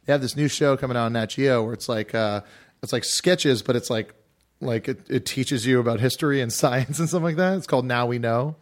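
Man, podcast host, casual chat, rambling stories, full of fillers, slightly hoarse. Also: mid-range voice, a little fast. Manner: rambling, filler-heavy storytelling. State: hoarse after a day of screaming.

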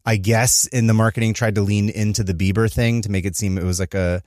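A man's voice: on the low side, fairly even intonation, a little mellow, dry recording, clean studio sound. A man in his thirties co-hosting a podcast, rambling with lots of fillers. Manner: rambling, filler-heavy, quick talk. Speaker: podcast co-host. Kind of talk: casual chat.

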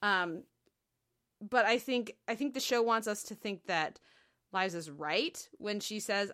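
A woman hosting a TV podcast, working through her analysis in a relaxed, chatty way. She leans on fillers and restarts and laughs now and then. Her voice sits at a middle pitch for a woman. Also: unhurried. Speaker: podcast co-host. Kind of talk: casual chat.

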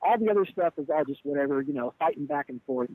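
Talking fast in a fairly high voice, a man recounts a tour incident in which a bandmate abandoned a show. As the band leader, he's animated and profane, performing each quote in this candid interview story. The audio is dry and poor.

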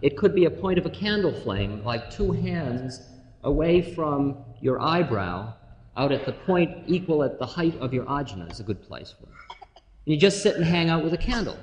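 A man's voice: a little high, very animated, moderate pace, a little mellow, highs cut off, slight background noise. Wry man talking in a reverberant hall. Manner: wry, laughing, musing, playful asides. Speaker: spiritual lecturer. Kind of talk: storytelling talk.

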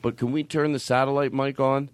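A man's voice: mid-range voice, level tone, a little fast, smooth. A man hosting a comedy podcast, rambling and laughing, with a dry, close studio sound. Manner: rambling, laughing, goofy voices. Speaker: podcast host.

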